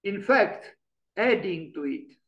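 A man's voice: sits high, lively intonation, takes it slowly, a bit bright, highs cut off. A man giving an online lecture on architecture, musing and emphatic, often restarting his sentences. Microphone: video call.

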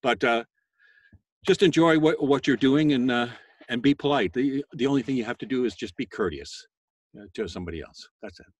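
A voice actor talking casually to a school class, chatty and self-deprecating, with many fillers and bursts of a loud sales voice. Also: male voice, mid-range voice, a little fast, husky, dry recording. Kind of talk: casual interview talk.

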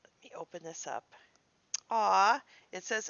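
A woman's voice: lowish voice, moderate pace, gravelly, pushed and bright, no room sound, lo-fi sound. A woman vlogging in a cheerful, sing-song way as she opens her mail at home. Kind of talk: casual vlog chat.

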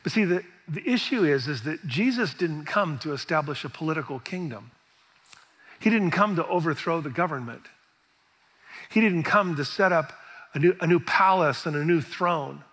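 Middle-aged male pastor, high and bright, animated sermon storyteller, reverberant church hall. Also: moderate pace. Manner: animated storytelling, acts out quoted reactions.

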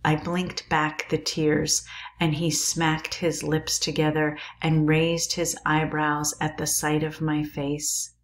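Female reader, calm and measured; low, flat, unhurried. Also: a little hiss or hum. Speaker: teacher reading aloud. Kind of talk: reading a novel aloud.

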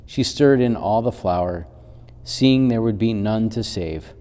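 Mellow-voiced pastor telling a story. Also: male voice, lowish voice, in a large hall. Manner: gentle, unhurried storytelling. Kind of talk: children's sermon storytelling.

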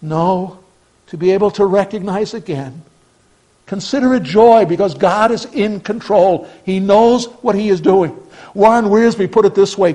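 A male pastor delivering a sermon in a notably high voice. He speaks with earnest conviction, pressing hard on key phrases and then dropping almost to a murmur. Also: poor audio. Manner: earnest preaching, swings from emphatic to hushed.

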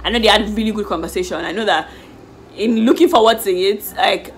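A woman chatting casually in a lively, animated way as she reviews a reality show. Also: medium pitch, fast, a little hiss or hum. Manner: lively, animated retelling with slang. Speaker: YouTube reviewer.

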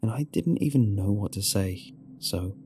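A man narrating a first-person horror story in a low, measured storytelling delivery. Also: animated, slight background noise. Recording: soft music underneath.

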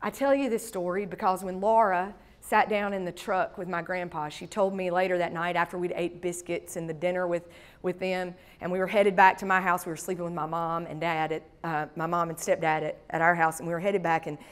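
A woman's voice: lowish voice, flat delivery, fairly quick, smooth. A woman pastor preaching a sermon, telling folksy stories in a chatty, conversational way with side remarks. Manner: conversational, folksy storytelling with asides. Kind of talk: storytelling sermon.

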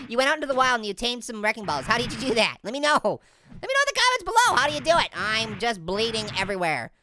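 A performer voicing a hyperactive, wisecracking cartoon orange, joking and punning through game commentary. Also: noisy background. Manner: goofy, punning, giggly, high-energy. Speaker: gaming let's-play host. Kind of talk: let's play game commentary.

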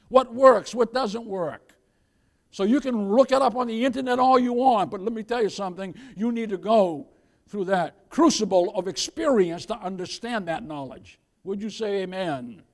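A man preaching a sermon as pastor, calling out to the congregation with rising, emphatic lines. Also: high-pitched. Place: church.

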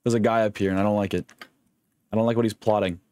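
A young man streaming a video game, chatting casually in a rambling, jokey, excitable way and swearing often. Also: lowish voice, fast, clear, resonant tone, no echo. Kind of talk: casual live-stream gaming chat.

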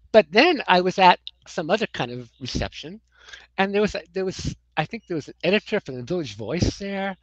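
A woman's voice: fairly low pitch, no room sound, muffled recording. An American woman in a casual interview, telling rambling anecdotes with many "you know"s and chuckles. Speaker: comics writer, guest.

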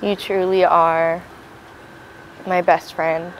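Young woman, lowish voice, chatty and teasing as she tells how they met. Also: flat delivery, takes it slowly, a little hiss or hum, low-quality recording. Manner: playful, acts out quotes, affectionate. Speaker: bride-to-be interviewed for an engagement video. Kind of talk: casual storytelling interview.

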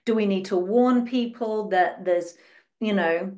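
A woman's voice: mid-range voice, a little slow, mellow. A woman giving a spiritual teaching monologue. She asks many rhetorical questions and dramatizes how other people think.

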